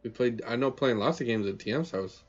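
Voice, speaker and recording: A man's voice: mid-range voice, brisk. A man co-hosting a podcast in casual chat, joking and swearing loosely. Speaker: podcast co-host. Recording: slightly dull lo-fi audio.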